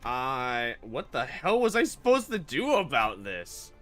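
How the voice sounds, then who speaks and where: A VTuber streams a video game, reading the story narration aloud and reacting with sarcastic jokes and frequent laughter in animated let's-play commentary. His voice is mid-range and unhurried, with faint music behind him.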